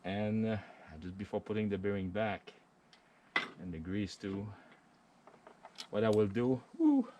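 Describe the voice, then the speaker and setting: A middle-aged man with a French accent, explaining a hands-on chainsaw repair in a halting way, with many fillers and restarts. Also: on the low side, fairly even intonation, background noise. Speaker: vlogger.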